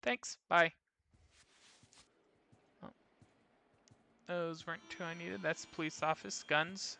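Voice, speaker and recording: A man's voice: a little high, steady tone, slow pace, creaky, pauses often, sharp tone, dry recording. Wry man muttering game commentary. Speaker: gaming channel host. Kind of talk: casual let's play commentary.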